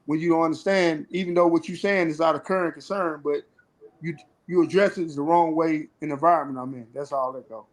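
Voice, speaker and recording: A formerly incarcerated man on a panel speaks candidly and earnestly about how he felt during prison phone calls, acting out the conversations. His voice is fairly high with a steady tone and a fairly quick pace, and the recording quality is low.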